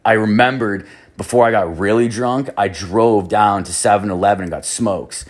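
Young dude, lowish voice, rambling and swearing a ton, says like every other word. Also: male voice, moderate pace. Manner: rambling, profane, heavy use of "like". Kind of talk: casual storytelling.

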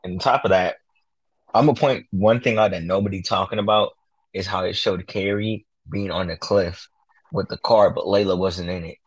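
A young man co-hosting a casual podcast, talking excitedly and boasting, full of slang, about calling his predictions. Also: sits low, moderate pace, breathy edge, dry recording, lo-fi sound. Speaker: podcast co-host.

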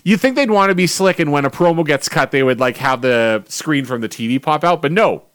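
Lively chatty man reviewing wrestling. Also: fairly high pitch, fairly quick, clean tone, no echo, studio quality. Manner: chatty, reads from notes, frequent fillers and restarts. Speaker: podcast co-host. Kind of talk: casual chat reviewing old wrestling shows.

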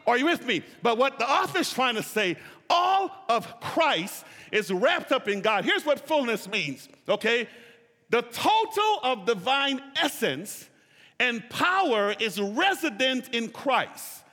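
A man preaches in a church, calling on the congregation to repeat his phrases back to him. His voice sits high and swoops through a wide, animated range. The sound carries a long, echoing hall reverb. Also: takes it slowly. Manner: call-and-response, has listeners repeat phrases. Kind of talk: sermon.

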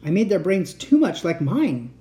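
A woman voicing an unstable male inventor uncle in a storybook reading, excitable and pleading, turning soft and menacing. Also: fairly low pitch, moderate pace, pitched above the performer's own voice. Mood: fearful. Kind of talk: storybook read-aloud.

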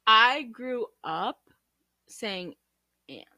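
Lively, bright-voiced young woman chatting. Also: a little high, drawn-out words, no room sound. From US Midwest. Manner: chatty, laughs often, many fillers. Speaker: podcast co-host. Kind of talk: casual chat.

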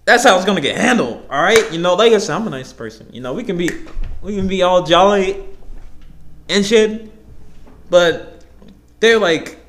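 A man's voice: high voice, expressive, moderate pace, pauses often, a bit bright. A young man from Canada hosting a podcast, ranting about a job with lots of profanity and slang. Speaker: podcast host.

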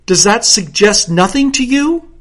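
A man's voice: high voice, expressive, a little slow, voice pushed up. A reader voicing a pompous, self-assured great detective who declares his reasoning in a grandiose, declamatory way. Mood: excited.

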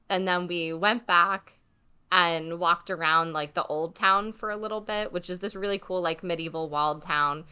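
A young woman telling a travel story in casual chat, full of "like" fillers and animated retelling. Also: fairly low pitch, smooth.

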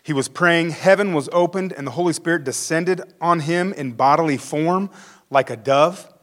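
A man's voice: on the high side, moderate pace. A male pastor giving a conversational sermon, acting out the quotes he reads.

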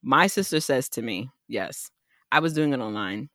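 A young woman from New tells stories in a loose, casual chat. She is animated and slips into the voices of the people she quotes. Her voice sounds close and dry. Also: extremely low pitch, moderate pace, no room sound. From New York.

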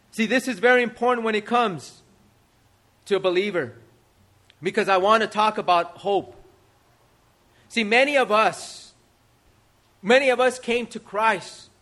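A man's voice: high-pitched, fairly bright tone. A male pastor preaching a sermon, asking rhetorical questions and repeating key phrases for emphasis. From United States.

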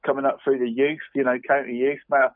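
A radio football results presenter with a medium-pitched, flat voice races through the weekend scores at a quick pace. His casual sports round-up rambles and chats along, with "mate" tacked on constantly. The sound is dry and tinny, phone-like, with no room sound.

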